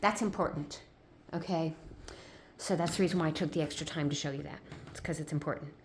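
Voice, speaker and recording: Speaking fairly quickly in a low voice, over a little hiss or hum, a crafter teaches sock machine knitting step by step. She's patient and homey, repeats steps, asks "okay?" often, and chats with a playful "ta-da".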